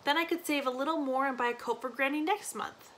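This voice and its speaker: A worried young girl , read aloud by a woman, with a slightly high voice. Her words come quick and urgent, rising toward frantic calls. The tone is bright and forward. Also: a little hiss or hum. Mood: torn. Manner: urgent, rising to cries when frightened. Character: young girl, anxious and torn.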